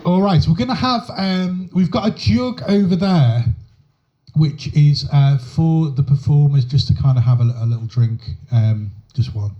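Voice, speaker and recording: A man's voice: fairly high pitch, mellow, highs cut off. A man hosting a pub comedy night, compering loosely between acts and stumbling over fillers. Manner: loose and halting, with many fillers.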